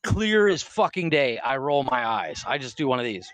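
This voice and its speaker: A man's voice: mid-range voice, very animated, normal speed, fairly bright tone, dry recording. A man co-hosting a casual comedy podcast, telling a story in a loose, swearing way and laughing often. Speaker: podcast co-host.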